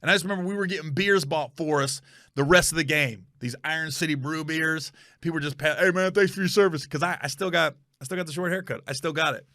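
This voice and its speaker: Male podcast host, slightly high, gravelly voice, dry close sound, rambling self-correcting storyteller. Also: fast talker, pushed and bright, no room sound. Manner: rambling, corrects himself, checks facts aloud. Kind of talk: casual storytelling.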